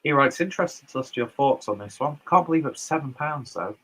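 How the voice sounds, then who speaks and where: A man's voice: mid-range voice, expressive, fairly quick, fairly bright tone, poor audio. A man casually reading out and answering viewer comments on his beer reviews, loose and chatty with lots of fillers and asides.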